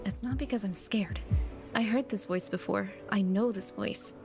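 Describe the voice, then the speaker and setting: A woman's voice: medium pitch, moderate pace, vocal fry, over music. A young woman streamer reading a story game aloud and chatting casually with viewers. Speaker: VTuber streamer.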